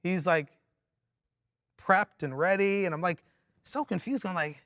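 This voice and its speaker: A man preaching a sermon through a personal story, animated and full of restarts, moving from loud exclaiming to quiet reflection. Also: high-pitched, unhurried, no echo, clean studio sound. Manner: animated, with frequent restarts and repeated words. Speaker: pastor.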